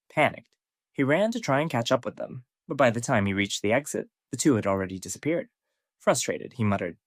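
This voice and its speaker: A man narrating a scripted story recap in a steady storytelling way. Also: medium pitch, fairly quick, no echo, clean studio sound.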